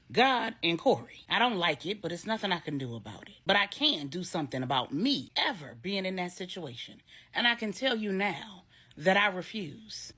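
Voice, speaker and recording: A woman's voice: mid-range voice, a bit bright, slightly rough. A woman voicing a firm, earnest churchgoing businesswoman who leads a women's ministry, in a storybook reading.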